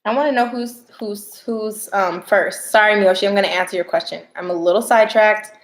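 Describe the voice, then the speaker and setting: A woman's voice: mid-range voice, fairly even intonation, fairly quick, roomy sound, rough recording. A young woman, chatting casually with viewers during a tarot livestream. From New York.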